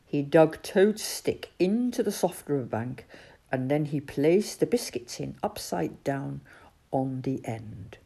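A woman reading a children's story aloud in an expressive voice. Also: low voice, slow, creaky, breathy edge.

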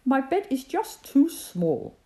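Lady reading as a gentle kind old-fashioned guy in a kids story, lively up and down, mellow tone. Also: sits high, takes it slowly, voice pushed up, full character voice.

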